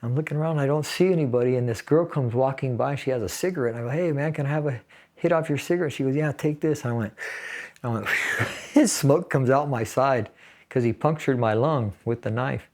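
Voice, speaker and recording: Older veteran, sixties, casual storyteller, mid-pitched, chuckles through dark memories. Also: male voice, fast talker. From San Fernando Valley, California. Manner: casual, laughs while telling grim details. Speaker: interviewee, Navy veteran. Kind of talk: personal storytelling.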